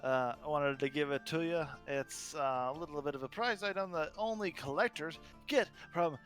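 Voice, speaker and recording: A man voicing a chatty male goblin tavern keeper with a mafioso swagger, ending his pitches with "eh?". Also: moderate pace, fairly bright tone, clean tone, soft background music, natural voice. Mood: salesy. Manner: chatty salesman patter, tags "eh?".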